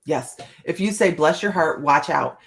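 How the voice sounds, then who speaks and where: A woman's voice: low voice, measured pace, creaky. A middle-aged woman hosting a casual live chat, reading cards and talking to viewers by name, laughing often. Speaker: livestream host reading tarot cards.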